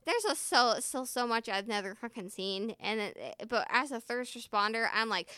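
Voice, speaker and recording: A woman's voice: fairly high pitch, expressive, moderate pace, sharp tone, smooth, dry recording, clean studio sound. A woman who works as a first responder, telling a rambling, candid story and swearing freely. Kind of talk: casual storytelling vlog.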